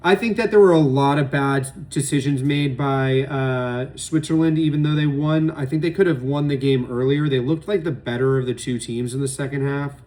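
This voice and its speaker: A man's voice: medium pitch, moderate pace, hardly any pauses, darkish tone. A young man giving loose, opinionated solo commentary on football matches, rambling and swearing often. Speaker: sports podcast host. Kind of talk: casual solo sports commentary.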